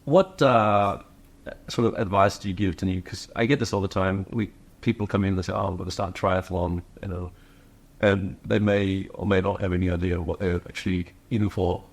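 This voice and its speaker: Man, fairly low voice, podcast host, chatty, casual. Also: steady tone, normal speed. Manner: chatty, shares own stories. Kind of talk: casual interview chat.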